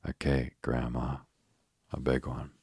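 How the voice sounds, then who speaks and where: A man's voice: extremely low pitch, level tone, takes it slowly, a little mellow, husky, no echo, studio quality, heavily acted. Eager little girl, read by a man. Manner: eager and polite. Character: eager, cheerful young girl.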